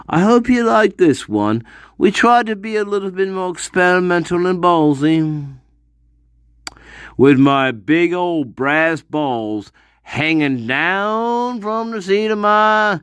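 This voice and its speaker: Guy hosting a crime chat show, swears a lot, rambles, slow and drawn out. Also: a little high, smooth, dry recording, clean studio sound. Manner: animated, profane and rambling, with sudden outbursts. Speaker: host of a true-crime discussion channel. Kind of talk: casual commentary.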